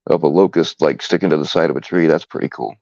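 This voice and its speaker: A man with a very low, gravelly voice chats casually on a live stream, halting and laid-back with plenty of fillers. The sound is dull and dry, like a basic home microphone. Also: steady tone, darkish tone, no echo. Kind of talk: casual chat.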